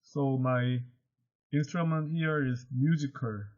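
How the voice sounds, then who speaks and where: A male teacher whose first language is Korean explains a play in English, paraphrasing each quoted line in simple words and going higher when he reads lines aloud. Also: steady tone, slow pace, a little mellow. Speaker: high school English teacher. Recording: dull lo-fi recording.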